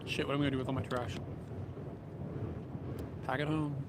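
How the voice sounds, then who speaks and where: A man walking outdoors in a city livestreams in a mid-range voice that runs a little fast. He rambles easily, chuckles often and reads comments from viewers, and the small mic on his camera captures passing vehicles and trains near the tracks.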